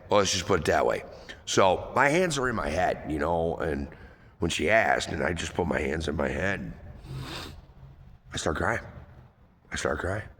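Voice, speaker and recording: Deep-voiced man telling a rambling story. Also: a bit bright, long reverb tail, slight background noise. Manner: rambling, repetitive, with heavy fillers and frequent swearing. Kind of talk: personal storytelling.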